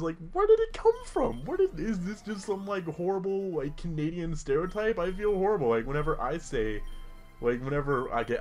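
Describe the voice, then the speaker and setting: A man's voice: a little high, a little mellow. A young man giving casual, rambling commentary while playing a video game, full of jokey asides. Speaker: gaming YouTuber. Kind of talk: casual let's-play commentary.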